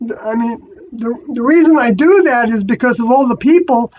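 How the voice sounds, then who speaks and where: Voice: medium pitch, darkish tone. Rambling spiritual monologue, hesitant delivery, dull recording. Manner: halting, many fillers and restarts, self-correcting.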